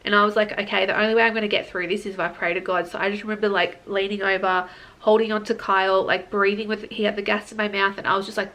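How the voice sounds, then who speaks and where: A woman's voice: medium pitch, level tone, fast, a bit bright. A young woman vlogger telling her story to camera in a casual, earnest way, full of likes and restarts.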